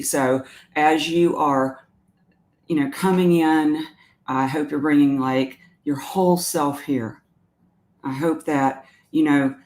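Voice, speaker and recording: A woman with a Southern US accent hosts a live stream. She talks in a chatty, meandering way, reads viewer comments aloud and wanders into everyday stories. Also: very deep voice. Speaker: animal communicator hosting a live stream. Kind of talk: casual live-stream talk.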